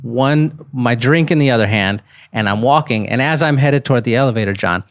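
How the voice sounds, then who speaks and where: A man in his thirties, a podcast guest, telling a casual story with animated rises into disbelief. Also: mid-range voice, brisk, no echo, clean studio sound.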